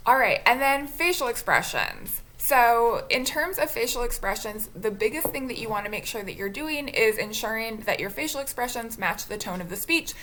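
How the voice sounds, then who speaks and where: A woman speech instructor giving a recorded lecture on delivery, talking in a conversational, expressive way with a few restarts. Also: on the high side, normal speed, hardly any pauses.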